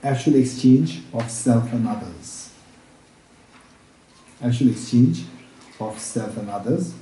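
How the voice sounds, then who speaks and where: A man teaching Buddhist practice at a retreat, repeating each point slowly as if dictating, with halting restarts and check-ins with his listeners. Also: mid-range voice, lively intonation, warm tone, a little hiss or hum. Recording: roomy room, speaker far from mic.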